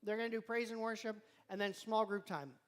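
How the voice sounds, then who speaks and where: Youth group leader rambling thru announcements, jokey, mouth full of chips, middle pitch. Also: fairly even intonation, a little fast. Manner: chatty, rambling, joking, talks while chewing. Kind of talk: casual live-stream announcements to a youth group. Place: church youth room with students present.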